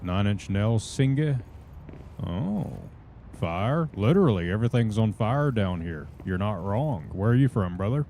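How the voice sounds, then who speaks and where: Southern male streamer, mellow and unhurried, chatty drawl. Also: fairly low pitch, expressive, slight background noise. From southern United States. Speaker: game streamer. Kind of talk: live gameplay commentary.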